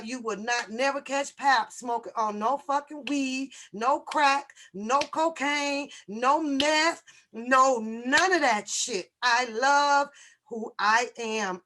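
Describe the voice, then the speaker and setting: A woman's voice: on the high side, pushed and bright. A woman hosting a casual livestream over a video call, brash and profane, often laughing and talking straight to her viewers. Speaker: livestream host.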